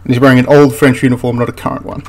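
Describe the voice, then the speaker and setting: A man's voice: mid-range voice, level tone, racing, vocal fry. A man hosting a history channel, ranting through a film critique in an exasperated, rambling way with frequent restarts.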